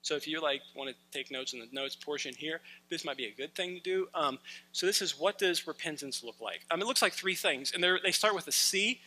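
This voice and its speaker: Guy preaching a chill sermon, super bright voice, kinda high, chatty. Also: a little fast, poor audio. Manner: conversational, animated, acts out quoted lines. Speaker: pastor. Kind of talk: casual sermon.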